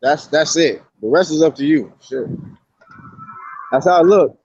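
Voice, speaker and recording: Husky-voiced man, blunt and emphatic. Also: a little high, measured pace, darkish tone, no echo, highs cut off. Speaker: podcast co-host. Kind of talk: casual profane chat.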